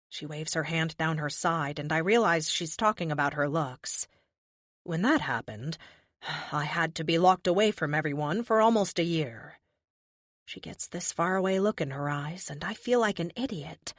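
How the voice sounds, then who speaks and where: A woman narrating a first-person audiobook in an expressive, conversational way. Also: low voice, normal speed, no room sound, studio quality.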